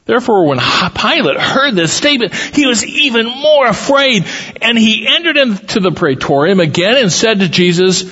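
A man's voice: fairly high pitch, big pitch swings, moderate pace, a bit bright. A man, a pastor, reading scripture aloud with dramatic lifts for the quoted lines, then teaching from it in a church. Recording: long hall reverb, dull lo-fi sound.

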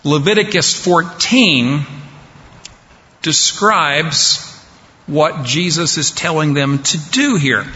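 A man preaching a sermon slowly and deliberately, pausing for effect. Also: fairly high pitch, lively intonation, bright, forceful tone. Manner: slow, deliberate preaching with dramatic pauses. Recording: dull sound with long hall reverb.

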